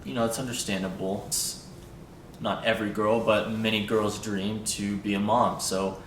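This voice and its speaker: Young guy, kinda low voice, hesitant and fillery, far from mic in echoey room. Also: little pitch movement. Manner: halting and hesitant, with many fillers. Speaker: vlogger's husband. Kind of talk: casual personal talk. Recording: roomy echo, distant mic, faint rumble.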